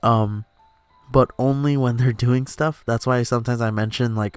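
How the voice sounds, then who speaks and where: A man's voice: medium pitch, steady tone, normal speed, clean tone, no room sound. A young man hosts a casual gaming commentary, rambling on with fillers and frequent laughs. He records in a room at home while faint game music plays underneath. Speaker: let's play host.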